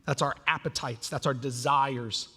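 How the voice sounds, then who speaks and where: A man in his thirties preaching a sermon as pastor, animated and self-mocking as he tells family stories. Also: mid-range voice, moderate pace, husky. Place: church sanctuary. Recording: long reverb of a church hall.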